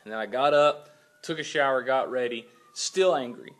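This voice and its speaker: A man's voice: mid-range voice, normal speed, fairly bright tone. A father recounting a sleepless night in a casual video blog, retelling his own quoted lines with animation. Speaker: father and church volunteer. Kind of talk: personal video blog storytelling.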